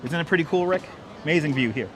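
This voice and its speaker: A man's voice: fairly high pitch, lively intonation, fast talker, a little hiss or hum. A man hosting a walking city livestream, upbeat, greeting viewers by name as he reads the chat, on a clip-on mic. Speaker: livestream host. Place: city streets and a large indoor station hall. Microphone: wireless clip-on mic.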